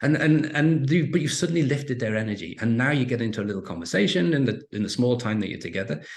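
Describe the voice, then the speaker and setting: A middle-aged man from England, a guest on a podcast interview, telling animated stories with many restarts. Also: medium pitch, fast talker. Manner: animated storytelling with frequent restarts. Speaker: interview guest, entrepreneur and author.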